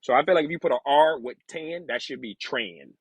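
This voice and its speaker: A man reading aloud slowly, sounding out hard words, then talking candidly and casually about his past. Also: fairly high pitch, creaky, husky, dry recording, rough recording. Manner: slow halting sounding-out of words, then candid rambling asides. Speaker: vlogger learning to read.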